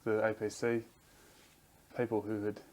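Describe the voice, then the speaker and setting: A male interviewer asking halting, hesitant questions in an oral history interview. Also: lowish voice, monotone, a little mellow, a little hiss or hum.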